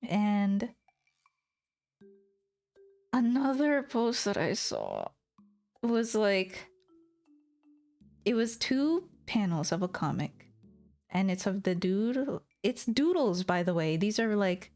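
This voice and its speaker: A woman's voice: medium pitch, big pitch swings, takes it slowly, long pauses, darkish tone, faint music behind. A young woman VTuber chatting casually on stream, rambling, swearing and giggling in exasperation.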